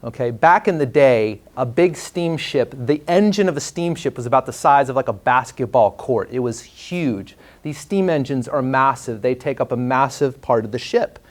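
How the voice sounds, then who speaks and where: A man, teaching a live class and telling a story in a relaxed, conversational way with fillers. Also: mid-range voice, normal speed, few pauses. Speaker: trainer. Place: training room before a class.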